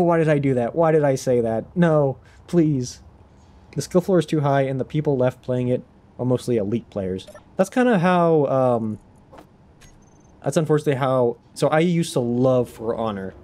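Young male streamer, mid-pitched, chatty and self-deprecating, casual gaming talk. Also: warm tone.

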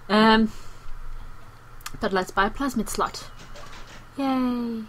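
A chatty, playful woman commentating over a video game she is playing. Her voice sits at a middle pitch, and faint noise runs under her talk. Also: normal speed, a bit bright, rough recording. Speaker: gaming video host.

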